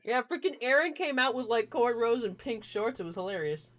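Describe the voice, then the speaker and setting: A woman hosting a casual podcast chat, animated and swearing freely with lots of fillers. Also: fairly high pitch, a little fast. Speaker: podcast host.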